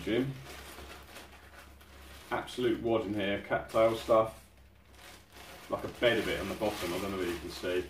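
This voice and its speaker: A man's voice: fairly low pitch, slight background noise. A man hosting an outdoors channel, chatting casually through an unboxing and exclaiming in amazement at each item. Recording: roomy sound from a distant mic.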